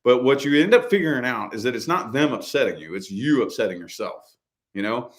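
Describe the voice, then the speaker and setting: A middle-aged man in easy conversation with a voice of ordinary pitch. He rambles and circles back on his points, peppering his speech with casual slang. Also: lively intonation, a little fast. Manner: loose, repetitive, slangy, says dude and man. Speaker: podcast co-host. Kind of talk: casual chat.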